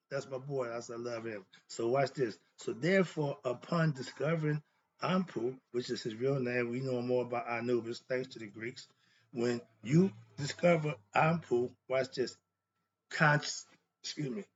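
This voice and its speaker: Blunt man teaching with rhetorical questions. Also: medium pitch. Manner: poses rhetorical questions and answers them himself; emphatic, blunt and conversational. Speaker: philosophy teacher. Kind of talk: informal lecture. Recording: dull lo-fi sound with faint noise.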